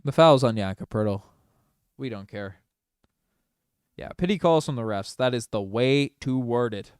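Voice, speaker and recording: A man giving casual, partisan play-by-play on a fan livestream, moving from low mutters to loud excited shouts. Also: measured pace, smooth, no room sound, clean studio sound. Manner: excitable, swings from mumbling to shouting. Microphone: desk microphone.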